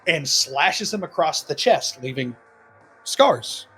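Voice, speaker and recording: A man with a breathy, somewhat high voice walks through a horror movie plot in relaxed podcast chat. He rambles, drops filler ums and laughs between thoughts. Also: slow, soft background music. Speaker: podcast co-host. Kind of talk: casual film-review chat.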